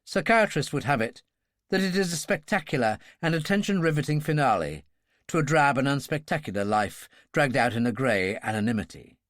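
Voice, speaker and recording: A man narrating a thriller audiobook in a measured, expressive storytelling manner. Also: medium pitch, no room sound, studio quality.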